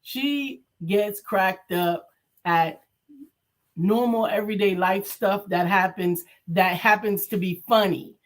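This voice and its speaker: A woman's voice: mid-range voice, takes it slowly. Affirming woman co-hosting a show. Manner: warm-hearted, affirming, says "amen" often. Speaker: co-host reading viewer comments. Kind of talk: casual chat.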